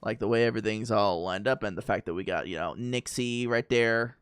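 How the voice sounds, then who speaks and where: A man's voice: fairly low pitch, fairly quick, clear, resonant tone, no echo, studio quality. A man chatting casually to his viewers while streaming a game, rambling with fillers and easy laughs. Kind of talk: casual gaming stream chat.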